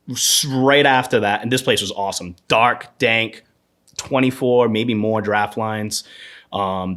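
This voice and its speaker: A man in his thirties, a podcast guest, telling rambling animated anecdotes about his bartending years in a casual interview. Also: fairly low pitch.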